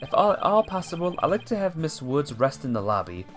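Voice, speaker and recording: A man's voice: on the high side, sing-song, a little fast, soft background music. Man doing an earnest defense attorney.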